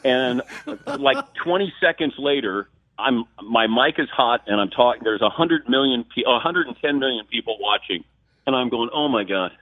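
A man's voice: mid-range voice, moderate pace, no echo. Man on a tinny phone line. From Ohio. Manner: animated storyteller, acts out quotes. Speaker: sportscaster guest. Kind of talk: phone-in radio interview, storytelling.

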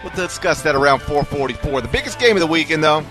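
A man hosting a sports talk radio show, animated and teasing, running through the rundown and arguing playfully. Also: a little high, fast talker, over music. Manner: animated, teasing, mock-outraged.

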